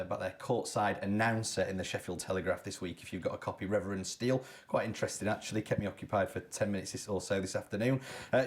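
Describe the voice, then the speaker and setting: A man co-hosting a local sports show, telling stories and running through sports news in a chatty way. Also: lowish voice. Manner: chatty storyteller, laughs often. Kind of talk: casual studio chat and news roundup. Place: local TV studio.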